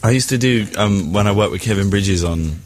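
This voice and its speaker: Deep-voiced comedian, self-mocking. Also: male voice, brisk, faint music behind. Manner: self-mocking, rambling storyteller. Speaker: comedian guest. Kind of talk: casual chat.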